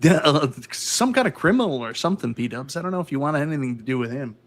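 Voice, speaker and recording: A man with a fairly high, animated voice trades teasing jokes on a gaming live stream. His pitch swings freely as he banters with his co-host. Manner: joking, teasing, quick to laugh. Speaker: co-host of an arcade gaming show.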